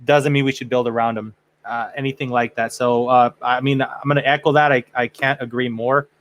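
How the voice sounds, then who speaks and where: A man hosting a podcast in casual chat, excitable and quick to swear, with many restarts. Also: mid-range voice. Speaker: podcast host.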